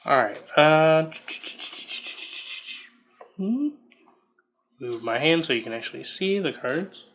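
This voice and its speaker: A man's voice: on the high side, animated, takes it slowly, a bit bright, a little hiss or hum. A man casually reading out trading card text as he opens booster packs, musing aloud between cards. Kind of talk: casual unboxing commentary.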